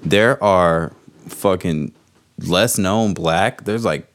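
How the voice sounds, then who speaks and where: A man's voice: deep voice, drawn-out words. A man co-hosting a podcast in a casual chat, joking, teasing and swearing as he talks. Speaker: podcast co-host.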